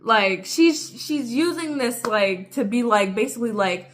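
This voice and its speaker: A woman's voice: on the high side, measured pace, few pauses. A woman giving casual reaction commentary as a vlogger, full of "like" fillers and indignant outbursts. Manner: heavy "like" fillers, indignant and expressive.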